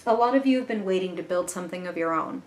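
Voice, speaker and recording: A woman's voice: on the low side, quick pace, a little mellow. Chatty woman doing a tarot reading in an echoey room. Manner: chatty and earnest, with casual swearing. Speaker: tarot reader. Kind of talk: casual spoken tarot reading.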